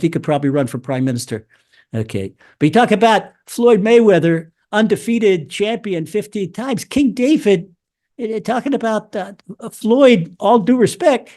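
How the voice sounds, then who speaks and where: A man preaching with fervor, his voice sitting high for a man. He talks in bursts, repeats himself, and swings from near-whispers to loud cries as he works through the verses. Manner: impassioned, repeats words and restarts, swings loud and soft. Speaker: rabbi teaching Psalms. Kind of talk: sermon.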